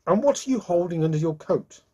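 A man voicing a merry, kindly old Santa Claus who talks in a hearty, brisk way. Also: high-pitched, animated, warm tone, breathy edge, pitched above the performer's own voice. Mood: calling out.

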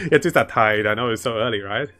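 A man's voice: mid-range voice, expressive, fairly quick, fairly bright tone. Upbeat male streamer talking through his game over light background music, greets chat, laughs easily. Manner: chatty, laughs often, greets chat viewers. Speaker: streamer playing a strategy game. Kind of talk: live game commentary.

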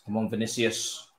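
Exasperated young man, low voice, echoey. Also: bright, forceful tone. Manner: exasperated, swearing, frequent sighs. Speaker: gaming streamer. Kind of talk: live gameplay commentary.

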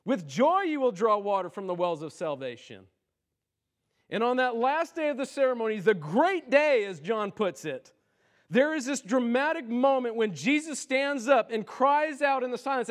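High-voiced impassioned male preacher. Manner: impassioned preaching, rising to loud cries then dropping low. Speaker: pastor. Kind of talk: sermon. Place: church sanctuary.

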